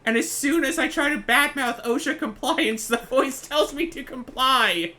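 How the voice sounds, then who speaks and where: A woman chatting casually with friends while recording her gameplay, playful and prone to loud joking outbursts. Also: high-pitched, moderate pace, a little hiss or hum. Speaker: game recorder. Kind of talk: casual gaming chat.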